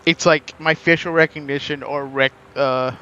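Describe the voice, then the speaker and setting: A man's voice: on the high side, steady tone, normal speed, pushed and bright, clear, resonant tone, dull audio. A young man casually commenting while he plays a video game, thinking aloud and guessing at names. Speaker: game streamer. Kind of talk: casual let's-play commentary.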